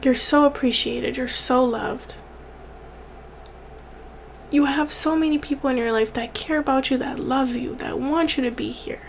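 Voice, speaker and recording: Young woman, vlogger, earnest and tearful at times, repeats for emphasis, slightly high pitch, faint hiss. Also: steady tone, fairly quick, gravelly, few pauses. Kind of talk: heartfelt direct-to-camera encouragement.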